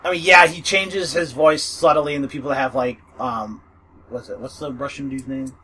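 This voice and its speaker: A man's voice: mid-range voice, fairly even intonation, moderate pace, sharp tone, a little hiss or hum, poor audio. A man co-hosting a casual podcast, blunt and swearing freely. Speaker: podcast co-host. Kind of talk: casual chat.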